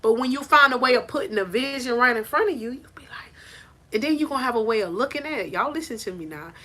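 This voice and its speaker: A woman with a bright, sharp voice preaches encouragement on a live stream from a phone. She is animated and fervent, and she speaks at a fairly high pitch. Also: fast. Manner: preachy and animated, laughs and rises to near shouting. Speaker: life coach. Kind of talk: motivational faith talk on a live stream.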